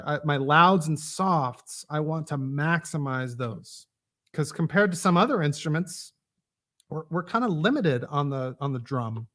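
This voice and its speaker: A man giving a casual drum lesson, explaining rudiments and counting off exercises as he plays. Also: a little high. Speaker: drum instructor. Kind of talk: live online drum lesson. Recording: loud drumming and clicks behind.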